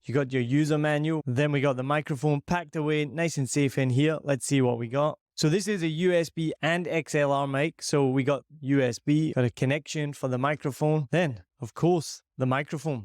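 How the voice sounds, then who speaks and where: This Scottish man's voice is on the high side with a darkish tone, and he keeps things upbeat, chatty and self-mocking as he reviews a microphone for his podcast. Recorded with a boom-arm dynamic mic in a big empty living room with shiny surfaces, the sound is clean, studio-like and echo-free.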